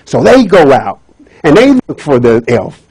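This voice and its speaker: A man's voice: medium pitch, unhurried, slightly rough, no room sound, rough recording. A man giving a playful comic retelling of a fairy tale as a speech at a speaking club. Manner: animated, playful storyteller.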